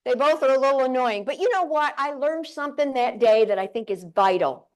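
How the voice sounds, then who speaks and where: Speaking fairly quickly in a high voice with lively intonation, a keynote speaker entertains a conference room audience. She's an older woman from central New York, and her motivational talk is humorous, built on stories with playful, chatty asides.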